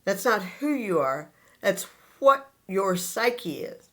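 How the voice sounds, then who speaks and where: A man teaches an audience in an unhurried spiritual talk. He speaks slowly in short phrases with pauses between them. He turns straight to his listeners and says his key points again and again with earnest insistence. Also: sits high, sing-song, fairly bright tone. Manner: earnest, addresses listeners directly and repeats points.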